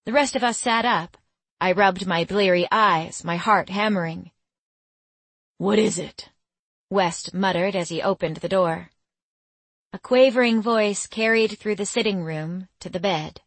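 A woman giving scripted first-person audiobook narration in a measured, intimate storytelling manner. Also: medium pitch, a bit bright, no echo.

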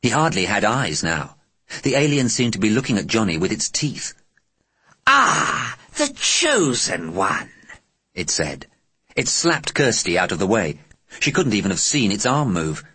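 A man narrating an audiobook with deliberate, expressive storytelling. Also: fairly low pitch, husky, no room sound.

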